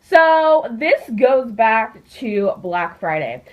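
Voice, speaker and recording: A teenage girl telling a story in a casual, chatty way, with lots of fillers and an animated delivery. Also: a little high, drawn-out words. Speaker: vlogger. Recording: dull lo-fi recording.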